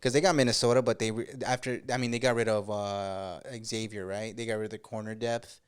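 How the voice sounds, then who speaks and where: Smooth-voiced man, laid-back sports chat. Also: on the low side, fairly quick. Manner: relaxed, laughs often, says bro. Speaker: podcast co-host.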